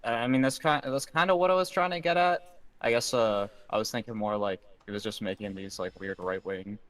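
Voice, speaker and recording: A man's voice: mid-range voice, fairly even intonation, fairly quick, no room sound. A man co-hosting a reaction chat, speaking thoughtfully with hesitations. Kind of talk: casual commentary chat.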